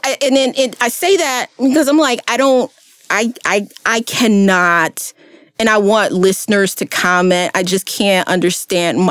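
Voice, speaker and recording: In a dry recording, a podcast co-host with a fairly low-pitched voice talks in a casual, emphatic way. She fills her speech with plenty of fillers.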